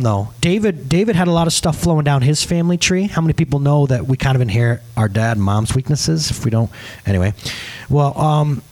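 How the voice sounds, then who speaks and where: Male pastor, casual humorous sermon delivery, animated intonation. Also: fairly high pitch. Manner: casual, joking, lively storytelling. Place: church service.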